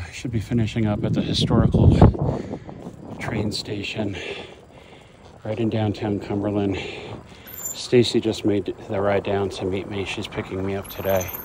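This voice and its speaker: A man's voice: lowish voice, background noise. A man vlogging outdoors on a bike trail, earnest and openly emotional as he talks to his viewers. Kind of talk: casual vlog narration. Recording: loud music behind. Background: music.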